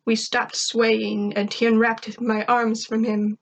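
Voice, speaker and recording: A woman reads a fan-written story aloud in steady first-person narration. Her voice sits fairly high, and her delivery stays plain and unhurried. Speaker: reader. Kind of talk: reading fan fiction aloud.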